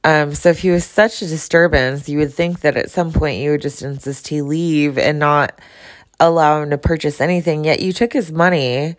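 A woman with a notably low voice, speaking her mind in an unscripted solo vlog. She is blunt and outspoken and swears without holding back. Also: fairly even intonation, normal speed. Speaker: vlogger. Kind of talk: casual personal monologue to camera.

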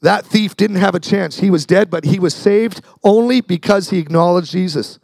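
A man's voice: sits high, normal speed, vocal fry, darkish tone, dry recording. A man preaching a sermon as pastor, talking conversationally, repeating words and acting out the people in his story.

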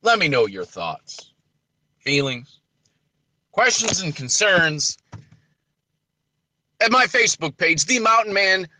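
A man's voice: high-pitched, very animated, slow, pauses often, bright, forceful tone, a little hiss or hum. A man hosting a wrestling podcast, giving emphatic commentary full of rhetorical questions. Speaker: podcast host.

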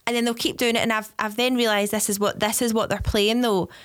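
A Scottish woman in a relaxed co-host chat, with a voice that sits a little high. The recording is dry and close to the mic. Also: fast, no echo. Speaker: podcast co-host. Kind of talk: casual chat.

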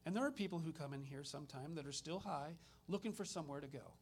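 A man's voice: fairly high pitch, fast talker, slight background noise. Chatty man preaching. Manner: conversational storytelling, animated retellings. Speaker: minister. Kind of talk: sermon with personal stories.

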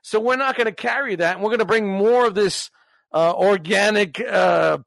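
Animated, higher-pitched man in his forties. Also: normal speed, creaky, no room sound. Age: 40s. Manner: animated storytelling, laughs and swears often. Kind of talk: casual chat.

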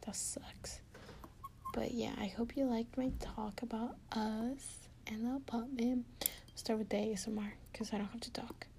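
Giggly woman rambling to her bf, soft half-whisper, kinda gravelly and slow. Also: on the high side, steady tone, a little hiss or hum. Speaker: podcast host talking to her partner. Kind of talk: intimate casual chat. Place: indoors at home.

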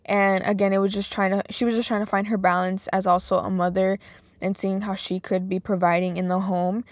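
This podcast host, a young woman, speaks in a mid-range, level tone and at a fairly quick clip, with no echo. She's casual and emotional as she recounts her past alone, leaning heavily on the filler "like."

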